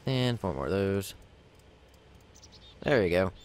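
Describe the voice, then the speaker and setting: A man's voice: deep voice, big pitch swings, takes it slowly. A man giving casual gameplay commentary, rambling and self-mocking as he talks himself through crafting. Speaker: let's play gamer.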